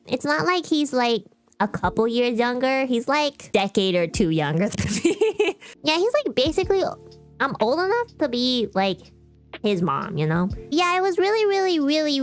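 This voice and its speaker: A woman in her twenties from Canada, chatting frankly and casually on a stream, full of fillers and swearing. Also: a little high. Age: 20s. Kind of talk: casual chat.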